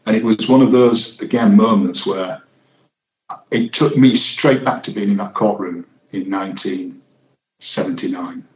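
A man in his sixties, a retired senior detective, recalling a case in a reflective, halting interview manner, acting out what people said. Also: fairly low pitch, darkish tone. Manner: reflective, halting with fillers, reenacts quotes. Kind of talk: interview recollection. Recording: echoey room.

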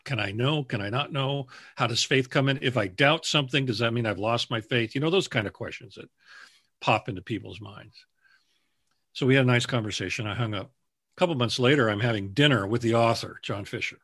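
Speaking a little fast in a mid-range, fairly bright voice, this man, a book editor, gives sincere interview answers full of stories, voicing the people he describes. The sound is clean studio audio without echo.

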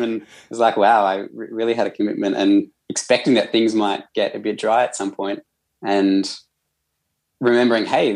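A man's voice: on the low side, little pitch movement, normal speed, darkish tone. An Australian man, a counsellor, explaining his work in a thoughtful, earnest way as a podcast guest. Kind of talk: casual conversational interview.

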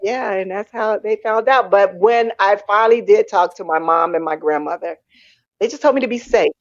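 A woman's voice: moderate pace, no room sound. A woman in her forties or older, a podcast guest telling her story candidly and animatedly. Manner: animated, acts out quoted family voices in a high pitch. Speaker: interview guest. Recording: dull lo-fi dry sound.

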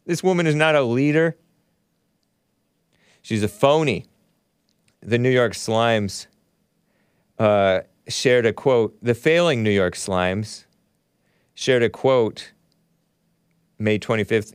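A man hosting a talk show, reacting to news clips with sarcastic, mocking commentary and sudden loud outbursts. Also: fairly low pitch, expressive, a little slow, pauses often, clear, resonant tone, no echo, studio quality.

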